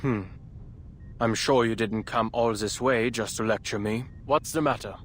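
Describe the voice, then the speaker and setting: A man voicing a sardonic, composed scientist in a game, speaking in a dry, measured way. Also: lowish voice, fairly even intonation, a little hiss or hum, lightly acted. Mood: grave. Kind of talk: game voice acting.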